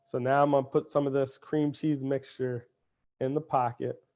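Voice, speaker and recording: A man's voice: medium pitch, little pitch movement, normal speed, a little mellow. A man, a dad, hosting a live cooking lesson for kids, chatty and upbeat, talking straight to the children and their parents. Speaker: cooking show host.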